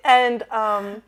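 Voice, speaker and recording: A young woman co-hosting a casual podcast chat, bubbly and upbeat. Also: a little high. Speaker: podcast co-host.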